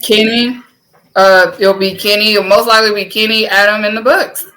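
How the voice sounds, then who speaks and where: A woman's voice: medium pitch, normal speed. A woman with a Southern American accent, co-hosting a podcast in casual chat, telling stories with animation and frequent laughs. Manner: animated storytelling, laughs often, swears casually. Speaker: podcast co-host.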